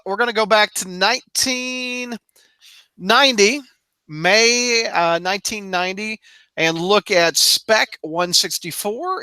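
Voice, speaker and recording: A man hosting a comic book podcast in casual chat, upbeat and quick to laugh. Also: sits high, sharp tone, no echo. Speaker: podcast host.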